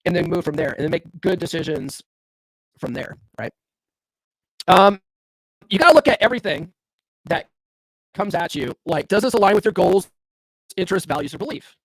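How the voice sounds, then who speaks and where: Speaking at a moderate pace with frequent pauses, a man with a high, gravelly, slightly bright voice swings widely in pitch. He runs a casual, blunt, profane solo show on dating and self-improvement, constantly asking "right?" and confronting listeners with rhetorical questions. The recording is dry and of studio quality.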